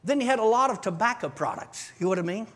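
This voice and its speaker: At a church service, a man preaches his testimony to the congregation, telling his story with animation and bursts of shouting and laughter. His voice is high-pitched and fast.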